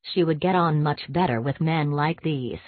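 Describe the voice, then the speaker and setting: A woman giving a measured, expressive audiobook reading of a classic short story. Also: deep voice, no echo. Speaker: audiobook narrator. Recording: tinny, dry, phone-like sound.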